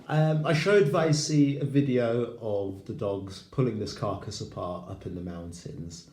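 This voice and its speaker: A man's voice: lowish voice, measured pace, few pauses, darkish tone, slight background noise. A man rambling casually to camera as a vlogger at his rural home, chatty and giggly. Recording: roomy echo.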